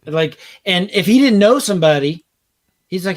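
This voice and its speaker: A man's voice: sits high, expressive, fairly quick. A man co-hosting a podcast, telling rambling stories in casual chat and laughing along with them. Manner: rambling, laughs through his own stories. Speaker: podcast co-host.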